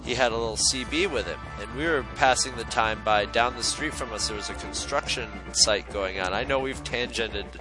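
A man hosting a podcast who tells a profane, animated story in casual chat. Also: mid-range voice, moderate pace, hardly any pauses, music in the background, rough recording. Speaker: podcast host.

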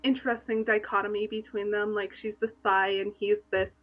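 A woman's voice: mid-range voice, level tone, fairly quick, phone-quality sound. A woman co-hosting a podcast in casual, enthusiastic chat, laughing easily. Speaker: podcast co-host.

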